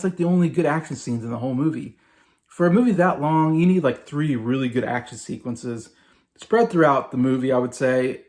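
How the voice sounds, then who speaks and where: A man's voice: mid-range voice, a little mellow. Rambling man reviewing a movie. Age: 40s. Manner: rambling, filler-heavy, repeats himself. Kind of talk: casual spoken movie review.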